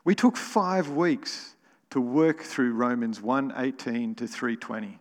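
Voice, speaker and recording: A man's voice: mid-range voice, takes it slowly, big-room sound. A man preaching a sermon as pastor, emphatic and building to exclamations. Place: church.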